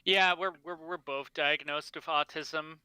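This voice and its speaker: Male co-host, bright and crisp, dry close mic, talkative explainer. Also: a little high, steady tone, measured pace, no room sound, rough recording. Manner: knowledgeable, explains at length with fillers. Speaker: podcast co-host. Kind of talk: casual livestream chat.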